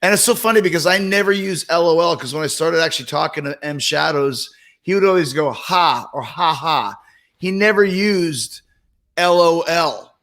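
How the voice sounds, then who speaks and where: A man co-hosts a podcast in relaxed, amused chat. His voice sits a little high for a man and carries a gravelly edge of fry. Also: moderate pace. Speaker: podcast co-host. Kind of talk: casual chat.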